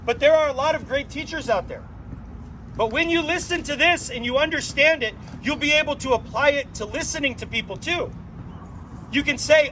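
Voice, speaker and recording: A man leading a drum circle gathering, giving an inspirational talk, playful and animated, full of rhetorical questions. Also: very high-pitched, fairly quick, slight background noise, rough recording. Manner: asks frequent rhetorical questions.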